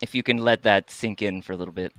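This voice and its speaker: Bright laid-back man musing playfully. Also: fairly low pitch, fairly even intonation, fast talker, slight background noise. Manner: laid-back, hesitant with many ums, playful. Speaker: musician guest. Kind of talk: casual podcast conversation.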